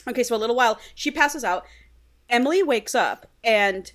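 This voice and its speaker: A woman's voice: a little high, normal speed. A woman co-hosting a podcast, chatting casually as she retells a book with lots of energy. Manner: animated, laughing, reads quotes aloud in put-on voices. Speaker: podcast co-host.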